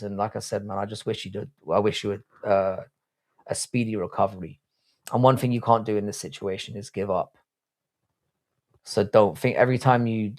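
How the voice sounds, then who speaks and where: A man's voice: fairly low pitch, darkish tone. A young English man hosting a livestream, reading chat aloud and bantering in a blunt, crude, rambling way with frequent restarts. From England. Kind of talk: casual live-stream chat.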